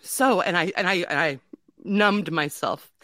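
A woman's voice: on the low side, a little slow, sharp tone, no room sound. A middle-aged woman candidly telling her life story in an interview, self-mocking and laughing often, with many fillers.

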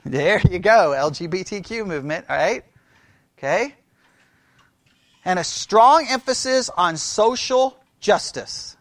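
A man's voice: high voice, lively intonation, unhurried, fairly bright tone, dry recording. A man lecturing a Bible class in a conversational way, quizzing his listeners and repeating key phrases.

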